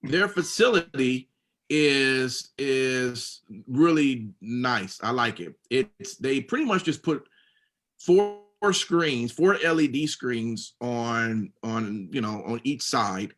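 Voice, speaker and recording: A man's voice: medium pitch, expressive, slow pace, a bit bright. A man co-hosting a casual wrestling podcast, reading rules aloud and then rambling with many fillers and restarts. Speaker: podcast co-host recapping wrestling.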